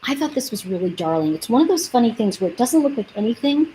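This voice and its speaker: A woman's voice: fairly high pitch, big pitch swings, quick pace, warm tone, a little hiss or hum, rough recording. A woman chatting casually on a livestream as she sells nail polish, rambling and reading out viewer comments.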